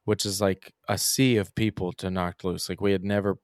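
A man's voice: sits low, little pitch movement, moderate pace, dry recording. Young man, a musician guest telling rambling stories over a dry close mic in a podcast. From Kentucky. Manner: rambling, frequent "like" and "um" fillers. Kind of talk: casual podcast storytelling.

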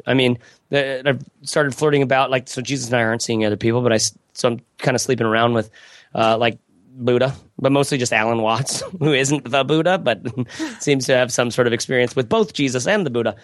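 A man's voice: medium pitch, fairly quick, no room sound, clean studio sound. A man talking casually on a podcast, rambling and reflective, laughing often as he tells stories.

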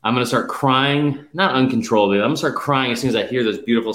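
A man's voice: mid-range voice, fast, a bit bright. Profane, rambling man in an echoey room. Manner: profane, rambling, mock-emotional speechifying. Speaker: podcast co-host. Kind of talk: casual sports betting chat.

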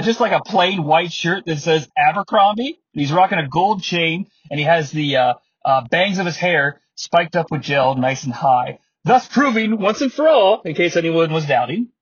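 Recapping old wrestling on his podcast, this host has a high-pitched, slightly rough voice and keeps laughing, joking wryly, and wandering into asides. His mic is dry and a bit muffled.

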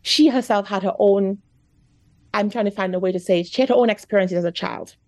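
An American woman, a guest author, shares a personal story in an interview in a slightly mellow, medium-pitched voice. She talks a little fast and chattily, with lots of "like" and "you know," and gets choked up; the recording has no room sound.

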